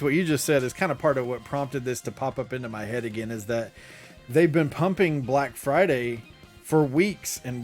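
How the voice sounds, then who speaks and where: Man, co-host, casual podcast chat, animated and laughing, higher-pitched, light music under. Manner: animated, laughing, mock announcer bits.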